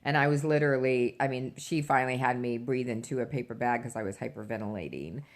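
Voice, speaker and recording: A middle-aged woman vlogger recounting a personal story in a halting way, with many fillers and restarts. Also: a bass voice.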